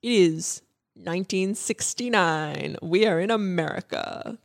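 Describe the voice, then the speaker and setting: Young woman podcast host, low-pitched and gravelly, hesitant and rambling. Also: measured pace. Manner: hesitant, many ums and restarts. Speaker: podcast co-host presenting history. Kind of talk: casual history podcast chat.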